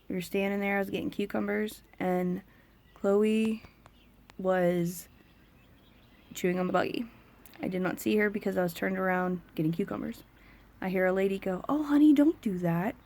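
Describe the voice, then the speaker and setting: A woman's voice: mid-range voice, gravelly, darkish tone. A young woman, talking frankly and with exasperation to camera as a parent in a casual vlog. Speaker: vlogger, autism parent.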